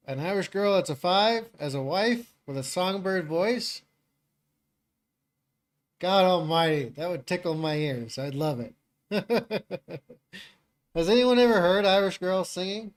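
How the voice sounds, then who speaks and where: A man's voice: high-pitched, lively intonation, slow pace, pauses often. A man hosting a live stream in a casual, rambling way, laughing often as he chats.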